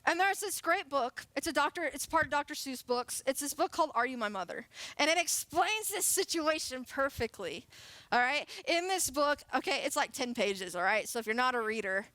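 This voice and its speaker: Playful high-voiced young woman preaching. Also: lively intonation, moderate pace, sharp tone, no room sound. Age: late 20s. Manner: chatty, playful, laughs often. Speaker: youth pastor. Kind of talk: sermon. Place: church sanctuary.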